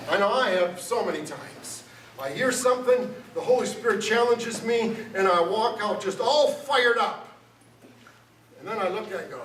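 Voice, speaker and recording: A man preaching a sermon to his congregation, conversational and joking with them. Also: high voice. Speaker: pastor. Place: church sanctuary. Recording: roomy church sound from a distance. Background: guitar music.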